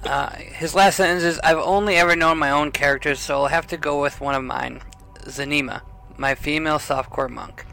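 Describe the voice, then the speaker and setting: Male co-host, gravelly and a bit high, brisk and helpful. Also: fairly even intonation, pushed and bright. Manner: brisk, helpful, keeps things moving. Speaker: podcast co-host. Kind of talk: casual gaming podcast chat, reading listener email.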